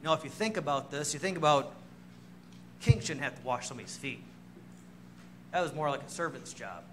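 A man delivering a sermon in a church, his voice pitched high and ringing bright. He preaches in a storytelling way, mocks himself and laughs often, with a faint hum behind him. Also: lively intonation, fairly quick. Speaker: pastor. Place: church sanctuary.

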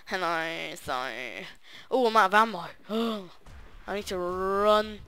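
A man's voice: sits high, steady tone, slow, pushed and bright, smooth. A young man giving rambling, casual gaming commentary full of fillers and asides. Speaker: gaming YouTuber.

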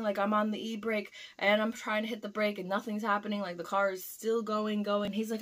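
A young woman vlogger telling a dream story in a casual, animated way, swearing freely and acting out the scenes. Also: mid-range voice, fairly quick, hardly any pauses.

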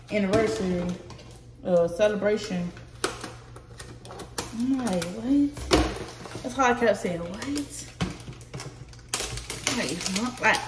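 A young woman tells a personal story to her viewers in a slow, halting way, full of fillers. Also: a little high, noisy background. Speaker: vlogger. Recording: echoey room from a distance, running water.

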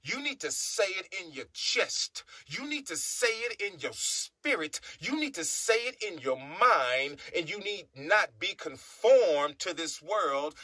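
A man's voice: fairly high pitch, pushed and bright, no echo. A man from the United States preaching a monologue, emphatic, repeating his phrases and humming between thoughts.

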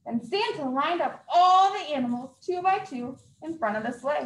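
A woman librarian reads to children with a bright, high voice that leaps and dips through every line. She acts out the sound effects with gusto. The sound is roomy and echoey, as in a library hall. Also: normal speed, hardly any pauses. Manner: highly expressive, acting out sound effects. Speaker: youth services librarian. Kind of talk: children's story time read-aloud. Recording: echoey room.

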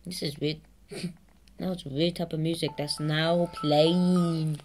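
A woman hosting a gaming channel, giving excitable let's-play commentary, swearing constantly and laughing at herself. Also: sits low, slow pace, a little hiss or hum.

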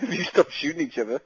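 Guy, high voice, loud jokey trash talk over a headset mic. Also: breathy edge, rough recording. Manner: loud, laughing, crude teasing. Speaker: gamer in party chat. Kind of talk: casual gaming banter.

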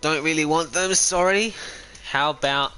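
An Australian gaming streamer chats casually with his viewers during a live game, rambling between trades. His voice sits on the high side and comes out a little slow, with a sharp, clean tone. He's on a personal streaming mic, with faint music in the background.

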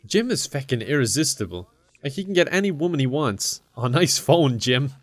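Brief: young male gaming commentator, slightly high voice, laughs a lot, swears freely, excitable and jokey. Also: normal speed. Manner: talks to game characters in silly mock voices. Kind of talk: casual gameplay commentary.

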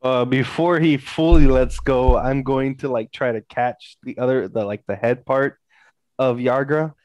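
A man playing a tabletop game, unsure and a little halting as he checks what his character may do. His voice is smooth and resonant, recorded dry with no room sound. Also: medium pitch, steady tone, a little mellow, no echo, highs cut off. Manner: hesitant, asks rule questions. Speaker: player. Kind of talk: casual tabletop play.

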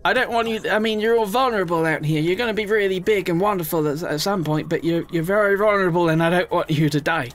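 A man giving chatty, emotional let's play commentary, often squealing up high in excitement. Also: fast, hardly any pauses.

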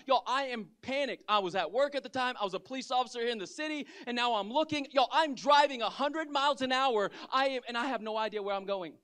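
A man with a high-pitched, clear, smooth voice preaches to his congregation. He tells stories with lively energy and keeps calling out to the people in the room. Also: brisk, hardly any pauses. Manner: lively storytelling with audience call-outs. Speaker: pastor. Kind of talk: sermon. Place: church sanctuary.

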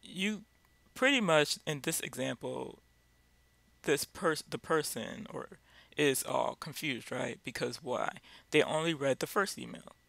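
Guy doing a bible talk, gravelly voice, real dry close sound, keeps asking the listener questions. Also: fairly high pitch, unhurried, fairly bright tone, no echo. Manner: direct, repeats points with rhetorical questions. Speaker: Bible teacher. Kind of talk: informal Bible teaching.

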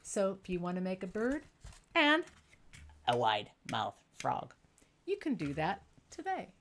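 A middle-aged woman storyteller guiding young children through a simple craft and answering their questions slowly and clearly. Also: lowish voice, wildly swooping pitch, slight background noise. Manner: warm, patient, slow and clear for young children.

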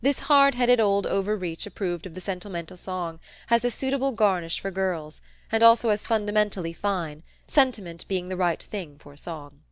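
Female audiobook narrator, measured literary reading, dry booth. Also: mid-range voice, clean tone, no room sound. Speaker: audiobook reader. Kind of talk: scripted narration.

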